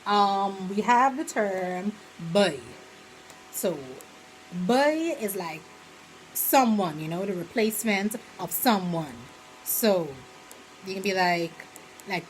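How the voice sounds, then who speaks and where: Taking it slowly in a medium-pitched voice, a chatty Bahamian vlogger explains sayings casually. She rambles with "you know" fillers and slides into lively quoted examples, over a low-quality recording with slight background noise.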